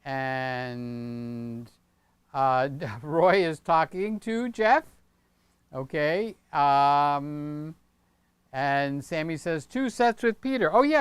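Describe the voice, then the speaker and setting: Rambling older man, smooth dry voice. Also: fairly high pitch, lively intonation, slow, dry recording. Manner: rambling, chatty, keeps tagging on "okay?". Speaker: channel host. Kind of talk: casual livestream chat. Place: home studio room with set pieces.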